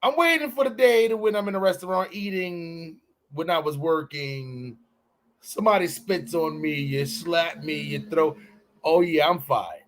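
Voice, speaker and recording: A podcast host, a man with a high voice, chatting loosely and joking. He slows down and stretches words out when he wants to make a point. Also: fairly bright tone, a little hiss or hum. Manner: loose, joking, drawn-out emphatic delivery. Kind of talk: casual chat.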